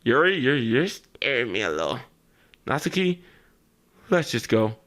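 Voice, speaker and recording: A man doing a calm girl club leader. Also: medium pitch, measured pace, voice pushed down. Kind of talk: reading game dialogue aloud. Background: game music.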